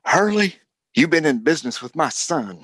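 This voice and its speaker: Man playing furious rancher Cornelius, shouting. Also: a little high, sing-song, moderate pace, breathy edge, dry recording, clean studio sound, pitched above the performer's own voice, exaggerated voice. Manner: shouting, enraged.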